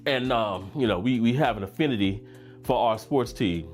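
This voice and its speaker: A man's voice: lowish voice, moderate pace, soft background music. A middle-aged man from Baton Rouge with a Louisiana accent, hosting a casual fragrance livestream. He talks in a laid-back, chatty way and reads comments from the chat aloud.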